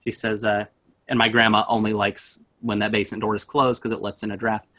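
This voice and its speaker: Young man telling a ghost story, bright voice. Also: on the low side, a little fast. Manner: animated, acts out voices in his story. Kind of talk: casual storytelling on a stream.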